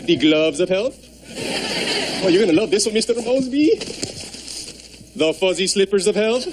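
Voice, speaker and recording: Fretful showy bellhop, lively voice, noisy track. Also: male voice, sits high, normal speed. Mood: fussing. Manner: theatrical, fussing. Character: fussy devoted male hotel bellhop.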